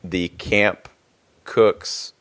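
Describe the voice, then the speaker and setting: A man's voice: low voice, steady tone, extremely slow, fairly bright tone. A man hosting a casual podcast chat, laughing often and breaking into goofy voices. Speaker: podcast host.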